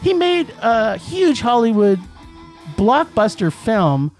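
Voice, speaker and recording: A man's voice: very high-pitched, very animated, takes it slowly, faint music behind. A man co-hosting a podcast, ranting about movies in casual chat, emphatic and laughing. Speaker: podcast co-host. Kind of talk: casual film-review chat.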